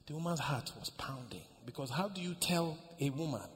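A man pastor preaching, telling a story with sudden shouts and hushed asides. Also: a little high, very animated, fairly quick, few pauses, faint music behind. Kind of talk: sermon. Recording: echoey hall, faint ambience.

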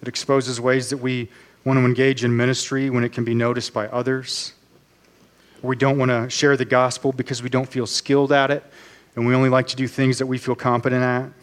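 A man preaching a sermon as pastor, earnest and measured, slowing down on key phrases. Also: mid-range voice, little pitch movement.

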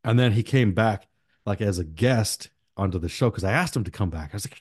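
A man's voice: fairly low pitch, brisk, husky, dry recording, studio quality. A man hosting a podcast, chatting casually, swearing freely and laughing as he tells stories. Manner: profane, laughing, animated storyteller. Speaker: podcast host. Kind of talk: casual chat.

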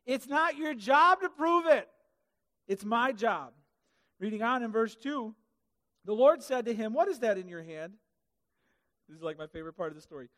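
A man preaching a sermon in a church hall, animated and comic, acting out the Bible characters in funny voices. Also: sits high, moderate pace, pauses often. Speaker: pastor. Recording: hall reverb.

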